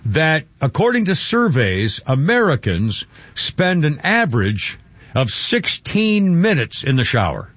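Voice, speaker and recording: A man's voice: on the high side, wildly swooping pitch, unhurried, a bit bright, no echo. A man hosting a radio talk show, rambling and chuckling through casual chat. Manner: rambling, chuckling, self-interrupting. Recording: dull radio broadcast sound.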